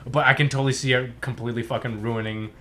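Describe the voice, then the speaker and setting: Excitable young man chatting about movies. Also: mid-range voice, fast talker. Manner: excitable, laughs often, swears freely, jumps into loud impressions. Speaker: podcast co-host. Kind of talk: casual movie review chat.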